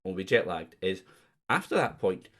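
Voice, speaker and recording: A man's voice: low-pitched, very animated, moderate pace, fairly bright tone. A middle-aged man hosting a quiz stream in casual chat, rambling and joking as he goes. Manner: rambling, self-interrupting, joking. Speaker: quiz host.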